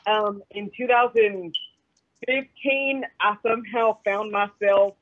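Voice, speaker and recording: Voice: mid-range voice, fairly even intonation, takes it slowly. A caller with a Kentucky accent chatting on the phone, hesitant, with lots of fillers and giggles. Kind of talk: casual phone chat. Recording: muffled phone call line.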